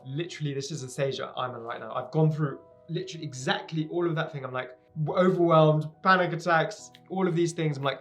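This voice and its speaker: A man's voice: fairly high pitch, steady tone, a little fast, hardly any pauses, a bit bright, soft background music. A young man speaking straight to viewers about starting a business, earnest and emphatic, hammering points home by repeating phrases. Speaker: entrepreneur giving advice to viewers. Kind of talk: direct-to-camera motivational talk.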